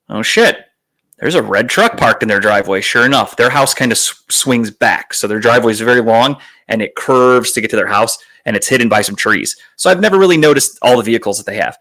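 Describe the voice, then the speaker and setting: A young adult man from Northeast Ohio hosts a podcast in a loose, rambling monologue. His voice sits at an average pitch, and he talks in a self-deprecating way, swearing freely as he goes. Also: a bit bright. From Northeast Ohio, USA. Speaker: podcast host telling a story. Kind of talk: casual storytelling monologue.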